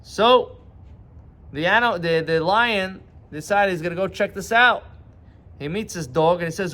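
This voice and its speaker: A man with a fairly high voice gives a short morning sermon as a rabbi. He explains patiently and retells a parable in plain words, walking his listeners through each step of the story. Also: unhurried, bright, forceful tone.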